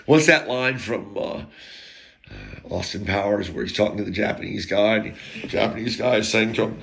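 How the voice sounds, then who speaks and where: Male storyteller, gravelly and sharp-toned, blunt and crude, rambling with side rants. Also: lowish voice, normal speed.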